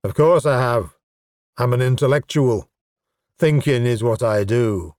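A man's voice: mid-range voice, a little slow, a little mellow, dry recording, natural voice. A man reading a story aloud, voicing a blunt, self-satisfied male goblin leader in a dry, matter-of-fact way. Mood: deadpan. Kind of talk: audiobook character voice.

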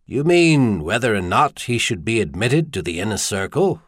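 A man voicing a thoughtful archbishop who speaks in a wry, measured way. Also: on the low side, very animated, slightly rough, no echo, clean studio sound.

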